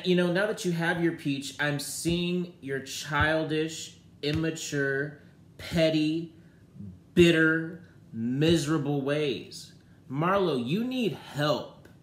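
Sassy guy ranting about reality tv, cusses a lot, goes from mumbly to loud, roomy echo. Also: a little hiss or hum. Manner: sassy, profane, swings from low muttering to loud outbursts. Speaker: reality TV reviewer. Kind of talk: casual review rant.

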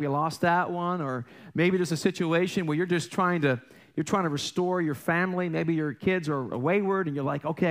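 A man's voice: a little high, fairly bright tone. A middle-aged man preaching a casual sermon as a pastor, joking and asking the congregation questions. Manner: conversational, self-deprecating, jokey storytelling; frequent restarts and rhetorical questions to the congregation. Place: church sanctuary.

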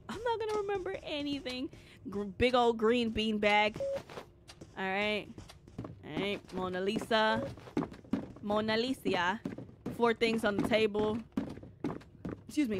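A woman's voice: medium pitch, background noise. A young woman streaming a game live, rambling and joking casually with her chat, with lots of filler words. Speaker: gaming streamer.

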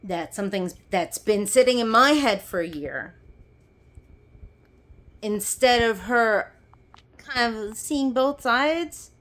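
A young woman vents into her phone camera in a heated, sarcastic rant. She swears freely and breaks into bitter laughs. Her words come at an unhurried pace. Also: a little high, expressive, fairly bright tone. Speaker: vlogger. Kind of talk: angry personal rant to camera.

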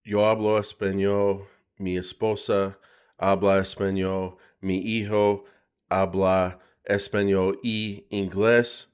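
Male co-host, lowish voice, teasing banter, talks at length. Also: little pitch movement, slow pace, smooth. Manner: playful and teasing, explains things at length. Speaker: podcast co-host. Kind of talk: casual chat.

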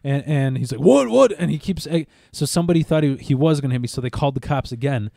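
Animated man telling a profane story. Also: medium pitch, fast talker, no echo, clean studio sound. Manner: animated, profane, acts out quotes. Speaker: podcast co-host. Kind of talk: casual chat, storytelling.

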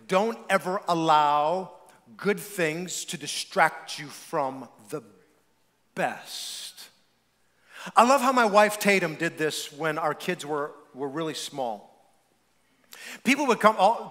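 A man preaching a sermon as pastor, energetic and repetitive with stammered restarts. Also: on the high side, big-room sound. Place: church sanctuary.

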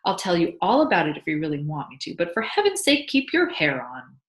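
In a read-aloud story, a woman with a fairly low voice, huge pitch swings, and a brisk pace plays a sly, boastful male beekeeper teasing his wife. She makes him sound teasing and pleased with himself. The room is echoey.

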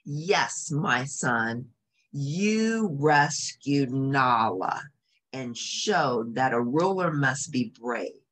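Female reader as wise male lion king; calm, measured, fatherly, low storybook voice. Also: full character voice. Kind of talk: storybook reading.

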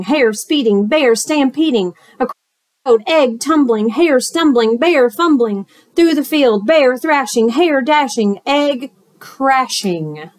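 Woman teacher for a storytime read-aloud: slow and expressive, rhythmic, talks to kids. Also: on the high side, no echo. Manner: expressive, rhythmic, with asides to children.

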